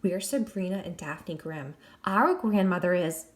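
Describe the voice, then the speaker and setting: A woman's voice: fairly low pitch, unhurried, close to an everyday voice. A woman voicing a bold young girl, speaking earnestly and directly.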